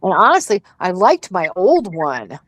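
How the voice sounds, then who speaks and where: A woman's voice: on the low side, big pitch swings, a little slow, a bit bright, no echo, poor audio. A middle-aged woman hosting a casual chat, blunt and profane as she rants. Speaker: host.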